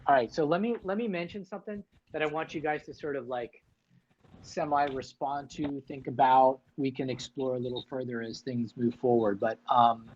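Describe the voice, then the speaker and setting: A man's voice: mid-range voice, fairly even intonation, normal speed, darkish tone, highs cut off, a little hiss or hum. A man hosting a casual livestream chat, talking loosely with many fillers and restarts. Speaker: livestream host.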